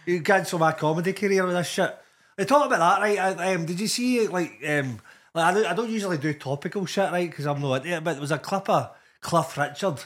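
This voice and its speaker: A man's voice: high-pitched, fast talker, fairly bright tone. A Scottish man, a comedian co-hosting a podcast, trading crude jokes in casual chat. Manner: joking, crude banter.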